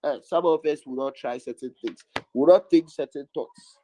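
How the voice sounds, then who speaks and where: A man's voice: medium pitch, moderate pace, dark tone, no echo, poor audio. A man preaching a sermon, stressing his points by repeating lines over and over.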